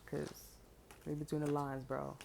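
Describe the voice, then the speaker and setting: A woman with a low, mellow voice talks through a tarot reading in loose, slangy street talk. She tells the story as she goes and keeps jumping into the voices of the people in it. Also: a little slow, vocal fry, slight background noise. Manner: slangy, animated storytelling, acting out quoted voices. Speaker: tarot reader.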